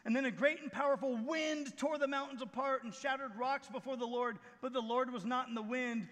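High-voiced, bright pastor preaching in a hall. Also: male voice, fairly even intonation, a little fast. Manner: dramatic storytelling, acting out scenes with shouts and hushed asides. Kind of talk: sermon.

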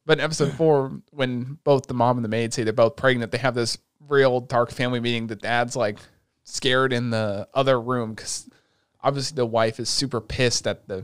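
Profane, excitable young man chatting. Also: medium pitch, normal speed, smooth, no echo, clean studio sound. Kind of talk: casual anime chat.

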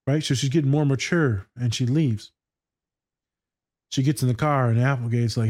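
A man's voice: medium pitch, moderate pace, long pauses, darkish tone, no echo, clean studio sound. Blunt, profane man talking casually. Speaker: therapist reacting to a TV scene. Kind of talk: casual reaction chat.

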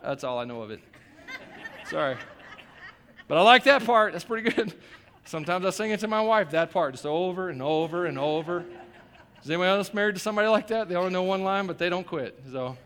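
A man's voice: high voice, lively intonation, brisk, pauses often, a bit bright. A male pastor preaching a sermon in a conversational way, with joking asides and emphatic repetition.

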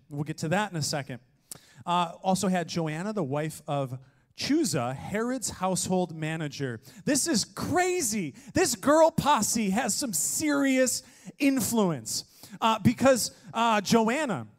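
A man preaching a sermon, energetic and joking, with playful asides to his congregation. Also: sits high. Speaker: pastor.

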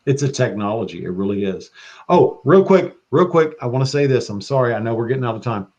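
Male podcast guest, mid-pitched, excitable and foul-mouthed, muffled lo-fi audio. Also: fast. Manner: excitable and profane, breaks into loud quoting. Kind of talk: casual podcast chat. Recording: dull lo-fi sound.

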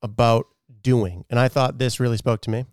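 A man's voice: medium pitch, steady tone, moderate pace, a little mellow, clean tone, no echo, clean studio sound. A man co-hosting a podcast, chatting casually, swearing often and laughing easily. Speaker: podcast co-host.

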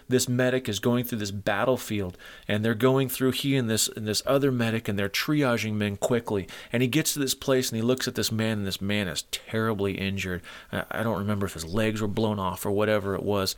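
Middle aged guy preaching, low voice, gets choked up telling stories. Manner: emotional, earnest storytelling. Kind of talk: sermon to men.

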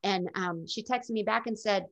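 A middle-aged woman speaks candidly and reflectively as an interview guest. Her voice has a gravelly, creaky edge. The recording is dull and lo-fi. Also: medium pitch, moderate pace. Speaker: guest telling her illness story. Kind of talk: casual interview storytelling.

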